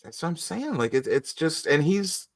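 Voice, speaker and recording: A man's voice: fairly high pitch, sing-song, normal speed. A man hosting a casual chat who rambles, laughs often and acts out what other people said. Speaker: podcast host.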